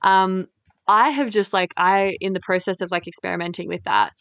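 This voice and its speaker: A woman's voice: medium pitch, fairly even intonation, moderate pace, a bit bright, clear, resonant tone, no room sound. A woman hosting a podcast in casual chat, blunt and frank, swearing freely and using lots of fillers. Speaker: podcast host.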